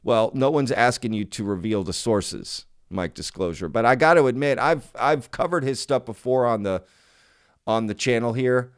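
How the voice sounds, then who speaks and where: Guy doing casual commentary for his channel, smooth clear voice, keeps saying y'all, really skeptical and emphatic. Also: medium pitch, normal speed. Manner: emphatic, skeptical, repeats himself, addresses viewers as y'all. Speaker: channel host.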